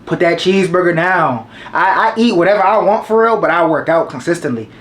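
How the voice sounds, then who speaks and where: A man's voice: high-pitched, lively intonation, a little fast, fairly bright tone. A man in his twenties giving life advice to the camera in a casual, slangy way, repeating his points for emphasis. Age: 20s.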